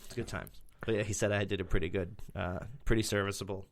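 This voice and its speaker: A man's voice: lowish voice, fairly even intonation, fast. A man co-hosting a casual podcast chat, playful and jokey, slipping into impressions and silly accents between stories. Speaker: podcast co-host.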